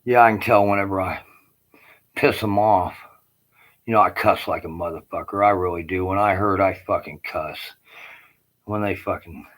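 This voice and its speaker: A man's voice: sits low, a bit bright, rough recording. Profane, rambling man in his late fifties. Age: 50s. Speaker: army veteran ranting to camera. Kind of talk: rambling personal rant.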